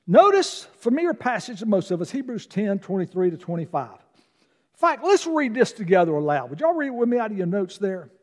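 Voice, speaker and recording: A man preaches to his congregation, his high voice rising and falling in lively swings. He moves from loud declarations to soft asides, and his words ring out in the long reverb of a large church sanctuary. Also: fairly quick. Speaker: guest preacher. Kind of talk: sermon.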